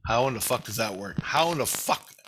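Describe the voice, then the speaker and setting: A man's voice: mid-range voice, expressive, fairly quick, background noise. A man ranting in a rambling, profane monologue, angry and swearing constantly. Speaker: vlogger.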